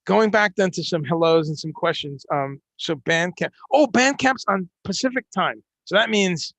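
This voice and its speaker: Chatty male host, gravelly and slightly high, dry close mic. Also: moderate pace, no echo. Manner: animated, chatty, many restarts. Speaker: podcast host. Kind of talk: casual interview chat.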